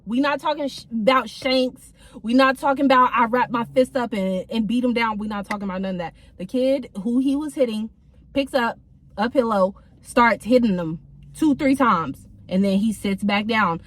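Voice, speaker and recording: A woman's voice: on the high side, normal speed. A young woman telling a casual storytime from her car, in a chatty, slangy way with many fillers. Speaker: vlogger.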